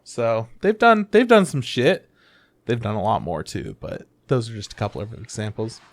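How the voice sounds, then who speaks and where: Brief: male podcast co-host, casual and animated, swears freely, peppers speech with fillers, mid-range voice. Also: mid-range voice, normal speed. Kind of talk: casual chat about anime.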